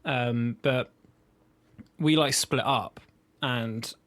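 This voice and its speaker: A man's voice: medium pitch, very slow, a bit bright, no echo. A young man with a southern English accent, chatting casually on a podcast, rambling and swearing with self-mocking humor. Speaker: podcast co-host. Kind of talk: relaxed casual chat.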